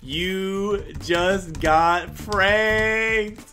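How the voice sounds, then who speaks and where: A man hosting a gaming channel, giving excited gameplay commentary, squealing and gasping as he talks to his viewers. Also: fairly high pitch, measured pace. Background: background music.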